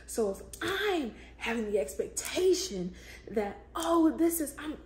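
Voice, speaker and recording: A woman's voice: sits high, sing-song, a little slow, darkish tone. A woman hosting her own vlog, reflecting on faith in a casual, emphatic way and breaking into exclamations of praise. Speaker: vlogger, show host. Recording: echoey room with faint ambient noise.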